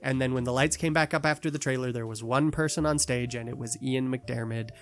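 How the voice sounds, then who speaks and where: A man co-hosting a casual podcast chat, animated and quick to slip into mock voices to make a point. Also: mid-range voice. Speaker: podcast co-host.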